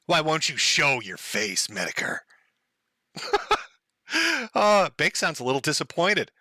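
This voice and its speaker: A man's voice: on the high side, sing-song, unhurried, sharp tone, no echo, clean studio sound. A man hosting a live stream, giving sarcastic, mocking commentary and laughing often.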